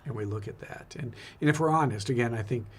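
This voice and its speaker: A man's voice: medium pitch, fast, husky. A man, a priest, talking earnestly and reflectively in a casual faith conversation, often repeating his words.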